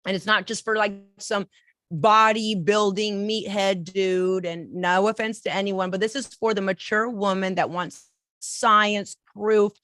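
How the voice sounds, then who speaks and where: A woman's voice: medium pitch, fairly bright tone, no echo. A woman hosting a live podcast chat as a coach, talking in enthusiastic, effusive bursts. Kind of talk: casual live-stream chat.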